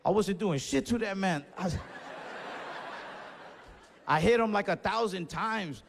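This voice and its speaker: A man with a fairly high voice performs stand-up, spinning a story with lively acted-out quotes. His voice rings out with a long reverb from the stage. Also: unhurried, creaky, background noise. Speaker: stand-up comedian.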